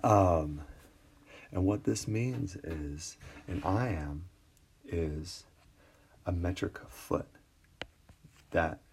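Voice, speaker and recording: A male English teacher talks through a recorded screencast lesson in a very low voice. He speaks slowly and casually, with many ums and restarts. A faint hiss sits under the tablet recording. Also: gravelly. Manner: relaxed, many fillers and restarts. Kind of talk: screencast lecture on poetry.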